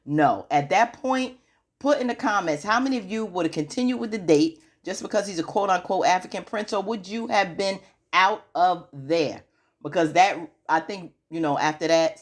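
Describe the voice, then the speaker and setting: A woman giving a chatty, casual recap of a TV episode, with lots of "you know" fillers and questions to her audience. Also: on the low side. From United States. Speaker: TV recap YouTuber.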